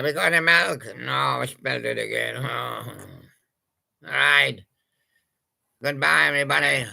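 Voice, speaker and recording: Brief: gravelly, bright-edged male storyteller, slow and meandering. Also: medium pitch. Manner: rambling and hesitant, full of pauses. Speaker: toy-story narrator. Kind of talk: casual improvised storytelling with toys.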